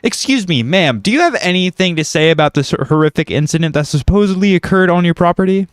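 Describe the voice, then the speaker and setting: A man voicing a brisk woman TV news reporter reporting live from a scene. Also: high-pitched, expressive, clear, resonant tone, no room sound, clean studio sound, voice pushed up. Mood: excited. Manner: announcing, loud and bright.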